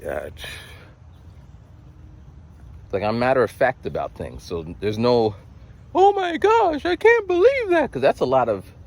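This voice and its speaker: A young man muses aloud in a loose, rambling vlog, his pitch swinging widely as he slips into little acted voices. His voice sits at an ordinary middle pitch. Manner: rambling, animated, full of restarts and acted voices. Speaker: vlogger. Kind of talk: casual monologue.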